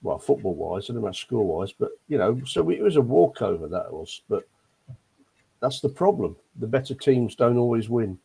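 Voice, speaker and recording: A man's voice: medium pitch, sing-song, fairly quick, creaky, warm tone, slightly rough. An older man from Leicester, grumbling his way through a rambling casual chat about football on a fan panel. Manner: grumbling, rambling with many ums.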